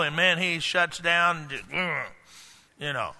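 A man preaching a sermon in a folksy manner, building up to shouted emphasis. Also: a little high, slow pace, gravelly, big-room sound.

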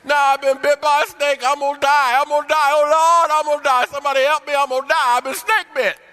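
A man's voice: extremely high pitch, steady tone, fast talker, sharp tone, voice pushed up. A man preaching, voicing a whiny, panicking grown man who complains melodramatically. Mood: whiny panic.

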